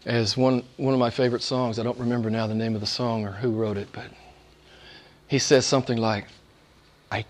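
A man preaching a sermon as pastor, conversational with chuckled asides, dropping to hushed whispers and rising to loud emphatic peaks. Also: medium pitch, level tone, a little fast, pauses often, a little hiss or hum.

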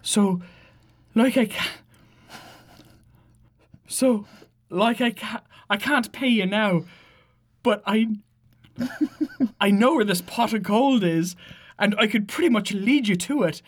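A woman's voice: mid-range voice, slow, long pauses, breathy edge, pitched above the performer's own voice. A woman voicing a chatty, rambling male leprechaun hitchhiker with a Southern Irish accent, reading a comic monologue. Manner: rambling, laid-back, stumbling over words.

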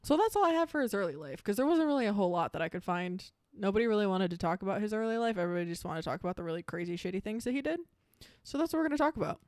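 A woman's voice: medium pitch, lively intonation, very fast, a little mellow, dry recording, studio quality. A young woman co-hosting a casual true-crime podcast, giggly and rambling, swearing freely. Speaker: podcast co-host.

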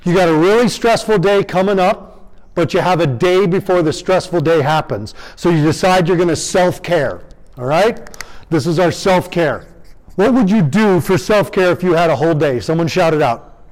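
Male parenting workshop presenter, slightly high voice, animated, acts out parent-child exchanges for a live audience. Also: moderate pace, poor audio.

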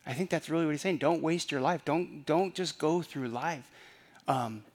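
A man preaching a sermon in a relaxed, conversational tone. He keeps circling back to key phrases and tosses rhetorical questions at the congregation. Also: on the high side, moderate pace. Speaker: pastor.

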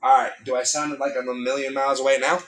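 A man co-hosting a podcast over Bluetooth headphones, talking loudly with lots of swearing and jokes. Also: mid-range voice, little pitch movement, fast. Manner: loud, profane, joking. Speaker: podcast co-host. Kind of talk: casual chat. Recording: muffled call audio.

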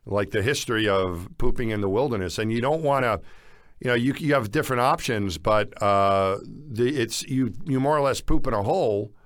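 A man's voice: mid-range voice, moderate pace, no room sound. Rambling man, dry close sound. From United States. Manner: rambling, many restarts and fillers. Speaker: podcast co-host. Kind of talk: casual chat.

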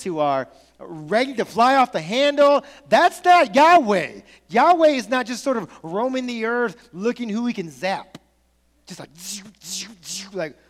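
A man preaching a sermon as pastor, conversational and animated, telling stories with casual asides. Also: high voice, long reverb tail.

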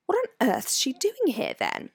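Brief: woman reading as a sharp, uneasy teen girl, animated pitch, dry sound. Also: measured pace, husky, no room sound, exaggerated voice. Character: clever teenage girl, anxious, sharp.

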